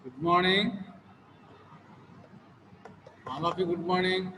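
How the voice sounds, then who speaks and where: A male teacher with an Indian English accent giving an online class lecture, halting, repeating each sentence and filling pauses with "uh". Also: high-pitched. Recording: echoey room with steady background noise.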